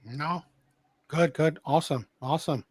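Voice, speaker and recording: A man's voice: on the high side, normal speed, darkish tone, slightly rough, no echo. A man hosting a call-in show, giving emphatic commentary and often repeating himself. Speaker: host.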